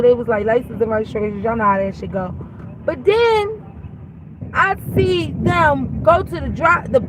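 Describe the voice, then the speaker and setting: A woman's voice: a little high, noisy background. Blunt, profane woman telling a story. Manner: blunt, profane, animated retelling with acted-out dialogue. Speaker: vlog host. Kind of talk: casual storytelling.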